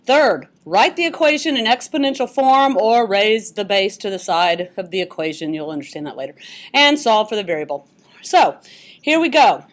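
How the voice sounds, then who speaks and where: A woman's voice: mid-range voice, animated, moderate pace. Woman teacher explaining math steps. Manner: explains step by step, joking asides. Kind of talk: classroom lesson.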